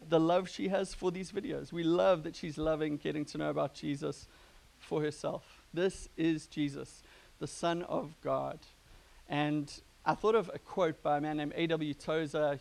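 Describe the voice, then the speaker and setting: Gravelly-voiced man preaching casually. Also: a little high, fairly even intonation, moderate pace, darkish tone. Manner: conversational, joking with the congregation. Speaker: pastor. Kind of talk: sermon. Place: church gathering.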